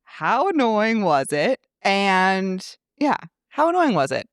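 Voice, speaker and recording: A woman's voice: medium pitch, big pitch swings, takes it slowly, dry recording, clean studio sound. A woman in her thirties hosting a casual podcast chat as a money coach, laughing often and talking playfully. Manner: chatty, laughs often, playful mock voices.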